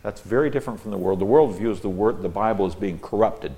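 Speaking quickly with a lowish, warm voice, a man teaches a psalm as a Bible teacher. He reads it line by line, explains the Hebrew terms, and leans on the most important lines.

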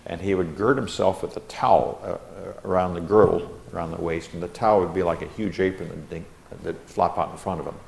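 A man's voice: low voice, steady tone, brisk, gravelly, a little mellow, echoey room, a little hiss or hum. A man teaching a Bible sermon in an explanatory way, with folksy examples and frequent "uh" fillers.

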